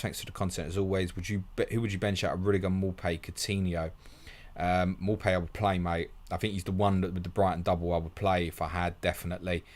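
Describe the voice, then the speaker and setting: Low-voiced man rattling through questions. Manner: blunt, matey, rattles through questions, calls everyone mate. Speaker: fantasy football stream host. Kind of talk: fast live Q&A reading viewer questions.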